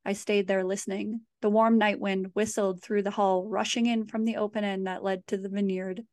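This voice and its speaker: A woman reads her horror fiction aloud in a measured, steady way. Her voice sits at a middling pitch, and the recording is dry and close, with no room sound. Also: dry recording. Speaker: author. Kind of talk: horror story reading.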